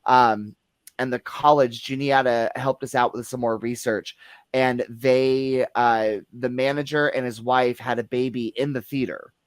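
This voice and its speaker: A man's voice: medium pitch, fairly even intonation, measured pace, dry recording. A man, a guest who works at the theater, telling ghost experiences in a casual chat, full of restarts and fillers. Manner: rambling, many restarts and fillers. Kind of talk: casual paranormal discussion.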